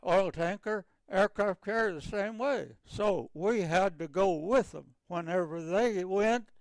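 An older man, a navy veteran, recounting wartime memories in a halting, repetitive way with many restarts. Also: high-pitched, no echo.

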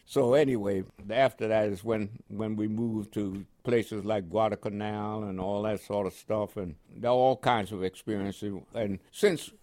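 A man's voice: on the low side, fairly even intonation, a little slow, few pauses, darkish tone. An older man recounting his wartime service in an oral history interview, rambling and chuckling, with frequent repeated words. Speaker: war veteran interviewee.

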